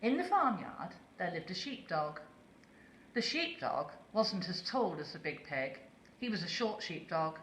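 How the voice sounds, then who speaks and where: A woman reading a children's story aloud slowly and expressively, asking listeners questions. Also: lowish voice, very animated, fairly bright tone, roomy sound, slight background noise.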